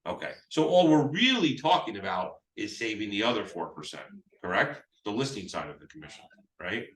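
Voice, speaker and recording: A man's voice: lowish voice, very animated, fairly quick, a bit bright. A man teaching real estate agents phone scripts, rambling with restarts as he acts out both sides. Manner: rambling, many restarts, acts out seller dialogue. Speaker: real estate sales trainer. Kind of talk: live sales training talk with role-play. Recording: echoey room, mic at a distance.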